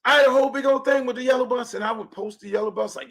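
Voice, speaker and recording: A brash man hosts his podcast with a fairly high voice for a man. He rants about sports in a profane, opinionated way, jumping between loud outbursts and low, half-mumbled asides. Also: fast, creaky, few pauses. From Miami. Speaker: podcast host.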